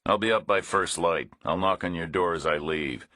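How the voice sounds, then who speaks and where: A male narrator playing a big, laconic drifter who talks in a calm, dry, matter-of-fact way. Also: sits low, moderate pace, no room sound.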